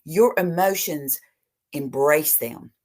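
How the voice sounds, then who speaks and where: A woman recovery speaker with a low voice gives a slow, earnest motivational talk about recovery. She reads short passages aloud, then preaches on them in an animated way, sometimes pushing hard and sometimes dropping suddenly to near-whispers.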